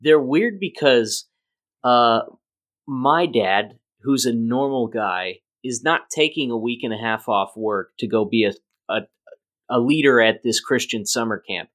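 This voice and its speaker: A man's voice: mid-range voice, unhurried, fairly bright tone. A man hosting a podcast, giving wry, thoughtful commentary in casual chat.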